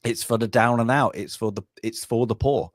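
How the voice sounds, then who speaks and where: Fairly quick and medium-pitched, this British podcast co-host keeps his intonation fairly even. His casual film review chat rambles with fillers and restarts, and the studio-quality recording has no room sound.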